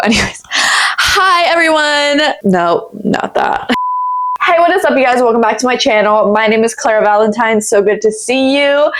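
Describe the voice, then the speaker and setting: A woman's voice: fairly high pitch, a bit bright. Rambling, chatty woman YouTuber. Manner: rambling, chatty, blunt with swearing. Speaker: YouTuber reading online posts. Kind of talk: casual chat and reading with commentary. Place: home office.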